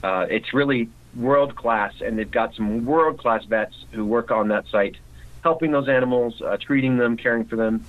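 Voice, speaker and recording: Mid-pitched male guest, conversational. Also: moderate pace, narrow, tinny audio. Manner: conversational, frequent restarts. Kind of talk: casual interview.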